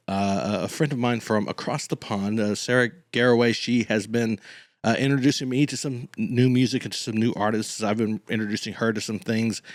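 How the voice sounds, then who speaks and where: A man, talking in a low voice in a loose, rambling way. The sound is dry and close. He hosts a reaction video. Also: no room sound. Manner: rambling, filler-heavy talk. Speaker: reaction channel host. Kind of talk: casual chat.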